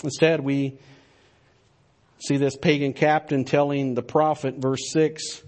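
A man's voice: medium pitch, level tone, takes it slowly, long pauses, a little mellow. A man preaching a sermon in an earnest, emphatic manner. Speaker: pastor.

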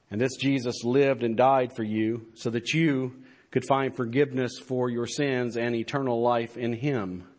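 A man's voice: mid-range voice, darkish tone. Male pastor, mid-range voice, earnest emphatic sermon delivery. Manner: earnest, emphatic preaching with repetitions.

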